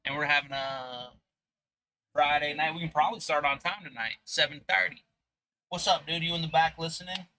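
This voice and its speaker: Casting: upbeat male pool commentator, slightly high, very bright, rambling and animated. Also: brisk, dry recording. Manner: animated, rambling, motivational ranting. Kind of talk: live stream commentary. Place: sports bar. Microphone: booth microphone.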